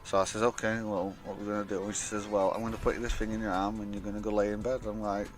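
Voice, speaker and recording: Low-voiced young man rambling a story. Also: little pitch movement, fast. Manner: rambling, swears a lot, acts out quoted dialogue. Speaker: vlogger. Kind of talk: casual storytime monologue.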